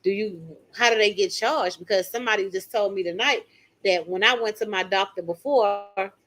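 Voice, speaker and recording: A woman's voice: medium pitch, moderate pace, fairly bright tone. An older woman hosting a casual live stream, talking emphatically and straight to her viewers as she reads and answers their comments. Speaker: channel host reading viewer comments.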